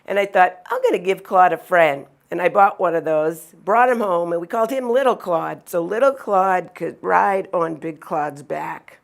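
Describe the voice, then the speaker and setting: An older woman telling personal stories from her childhood in a lively way, acting out the sounds and voices she quotes. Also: on the low side, moderate pace, creaky, hardly any pauses. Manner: animated, acts out sounds and quotes. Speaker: storyteller. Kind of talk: personal storytelling.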